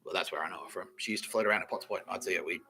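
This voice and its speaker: An Australian man with a low, sharp voice talks at a racing pace while hosting a comedy podcast solo, with slight background noise. He rambles loosely and giggles, swears freely, and slips into quoted voices as he riffs on his own.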